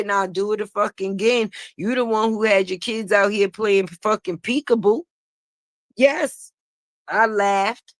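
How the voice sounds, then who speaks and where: A woman's voice: medium pitch, no echo. A woman giving casual gossip commentary on a livestream, blunt, sassy and profane, laughing often. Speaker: online commentator.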